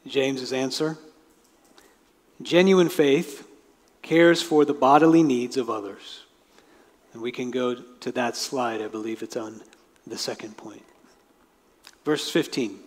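A man's voice: medium pitch, steady tone, takes it slowly, long pauses. A man preaching a sermon as pastor, talking in a conversational way and explaining with asides. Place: church sanctuary. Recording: long reverb of a large hall.

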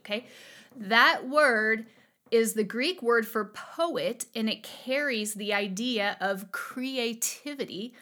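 A woman's voice: a little high, sharp tone. A woman in her thirties giving a casual livestream Bible teaching, chatty and bubbly, drifting into tangents and laughing at herself.

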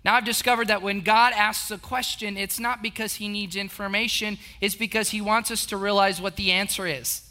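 A middle-aged man preaching with a high, strikingly bright voice. He builds up in short, repeated urgings, then drops to a hushed, slow closeness. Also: level tone. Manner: swings from rising exhortation to hushed, slow intimacy. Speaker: pastor. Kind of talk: sermon.

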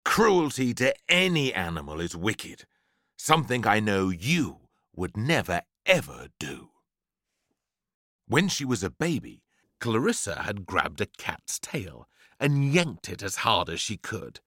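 A man's voice: lowish voice, big pitch swings, a little slow, sharp tone, no echo, clean studio sound. A man reading a children's story aloud with playful, theatrical delivery. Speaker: narrator.

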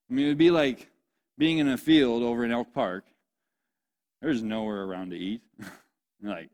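A man's voice: lowish voice, lively intonation, normal speed, darkish tone. Playful young male preacher. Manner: playful, joking, asks the audience questions. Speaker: pastor. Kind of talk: sermon.

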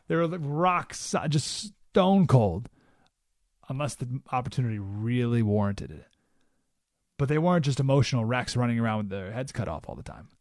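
A man hosting a talk radio show, delivering an animated monologue and acting out quoted voices with sudden jumps in pitch. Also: moderate pace, no room sound, studio quality.

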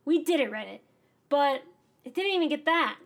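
A woman co-hosting a casual podcast chat speaks in a high voice with an excitable, ranting delivery. She comes across as enthusiastic and fast-moving.

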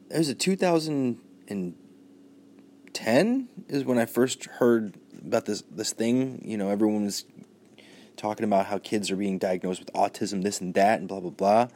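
Man, solo podcast host, lowish voice, sarcastic, opinionated, rambling, neutral tone. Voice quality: says his tone is neutral and flat. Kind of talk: solo podcast news commentary.

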